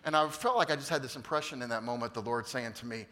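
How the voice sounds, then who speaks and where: A male pastor telling a funny story in a sermon, animated and jokey, acting out the quotes. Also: medium pitch, quick pace, hardly any pauses, slight background noise. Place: church auditorium.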